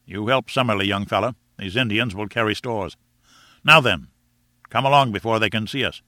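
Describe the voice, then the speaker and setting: Homem fazendo aristocrata cordial, enérgico, tom de comando, gravação seca. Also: male voice, lowish voice, pushed and bright, dry recording, studio quality. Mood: hearty. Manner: brisk, hearty, commanding. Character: brisk hearty aristocratic man, adventurer.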